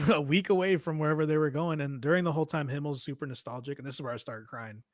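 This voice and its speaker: A man's voice: on the high side, quick pace, no echo, studio quality. A man co-hosting a podcast, retelling episodes in a casual, profane, laughing way. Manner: profane, animated, laughing storyteller. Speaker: podcast co-host. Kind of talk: casual recap chat.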